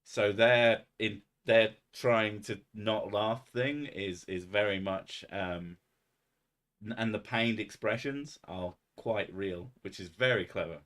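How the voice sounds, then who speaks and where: A man's voice: on the low side, slow, a bit bright. Sweary, rambling man streaming. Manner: rambling, sweary and self-mocking. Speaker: streamer hosting a live chat. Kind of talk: casual live-stream chat.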